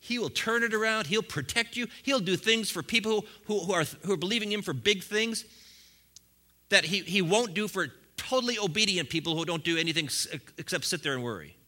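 A man preaching a sermon to a congregation, swinging from quiet asides to loud, fiery bursts with frequent chuckles. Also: sits high, fairly quick. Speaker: pastor.

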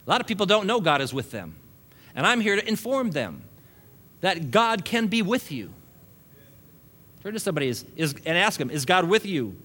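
A man's voice: high-pitched, sing-song, normal speed, long pauses, a bit bright, slightly rough. A male pastor preaching a sermon to a congregation, building long repeated lists and chuckling often between points.

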